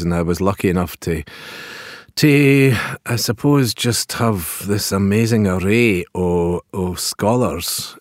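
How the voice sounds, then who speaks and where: An older Scottish man spins anecdotes for a radio interview in a lowish voice. He chuckles now and then and lets his sentences fade off gently. The sound is dry, with no room around it. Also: no echo. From Pitlochry, Scotland. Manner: anecdotal, chuckling, trails off softly. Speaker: guest, former colleague. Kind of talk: storytelling interview talk.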